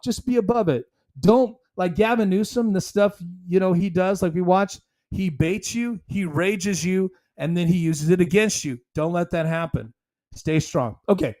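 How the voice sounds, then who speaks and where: A man's voice: high-pitched, darkish tone. A man hosting a solo commentary podcast, talking emphatically in a rambling, conversational way. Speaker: podcast host.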